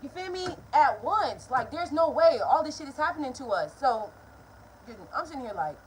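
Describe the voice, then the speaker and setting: Animated high-voiced woman telling a story. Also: fast talker, a little hiss or hum, rough recording. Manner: animated, profane, conversational. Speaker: vlogger. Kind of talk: storytime vlog. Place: at home indoors.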